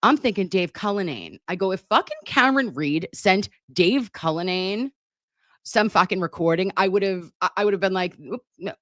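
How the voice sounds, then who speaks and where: A woman's voice: mid-range voice, lively intonation, normal speed, fairly bright tone, no echo, clean studio sound. A middle-aged woman hosting a livestream, reading viewer comments aloud and answering in a brash, profane, affectionate way. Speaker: livestream host reading chat. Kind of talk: casual livestream chat. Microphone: computer mic on a live stream.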